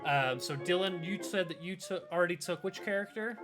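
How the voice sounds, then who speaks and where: A man's voice: high voice, brisk. A man in a chatty, loose way explaining the rules as game master of a tabletop game, with lots of fillers. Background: background music.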